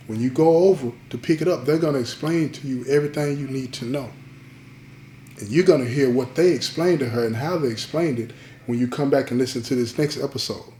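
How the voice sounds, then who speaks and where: A man's voice: mid-range voice, darkish tone, reverberant, a little hiss or hum. A man hosting a podcast, telling a story in a casual way, repeating key lines and checking in with his listeners.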